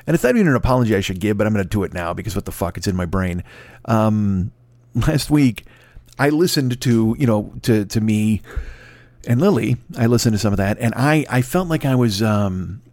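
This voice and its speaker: A man's voice: fairly low pitch, animated, a little mellow, no echo. Rambling, profane man hosting his podcast. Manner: rambling, profane, fast-talking and self-amused. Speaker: podcast host. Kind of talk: solo casual monologue. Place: home recording setup. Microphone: close mic.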